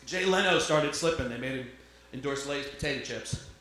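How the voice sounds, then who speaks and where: A man's voice: medium pitch, moderate pace, pushed and bright. A man doing a stand-up comedy set, crude and bantering, with self-deprecating asides to his puppet. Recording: echoey club with crowd noise.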